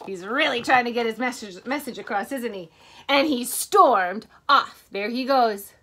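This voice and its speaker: A woman teacher reading a picture book to children in an animated way, stopping to ask them questions. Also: a little high, a little slow, a little hiss or hum.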